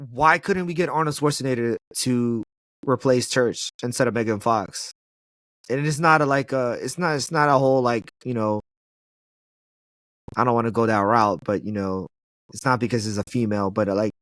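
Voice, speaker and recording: A man in casual movie chat, animated and slangy, laughing often as he talks. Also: mid-range voice, moderate pace, no echo, studio quality.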